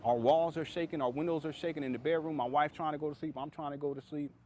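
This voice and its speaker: A man's voice: on the high side, fairly even intonation, fast talker, a little mellow, a little hiss or hum. A man telling a story in a conversational, rambling vlog from outdoors, often repeating himself.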